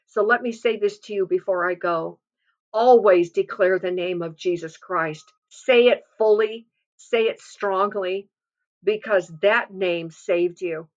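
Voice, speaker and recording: A woman with a low voice gives an earnest devotional testimony. She exhorts her listeners and repeats phrases to drive them home. The recording sounds dull and lo-fi. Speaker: devotional speaker.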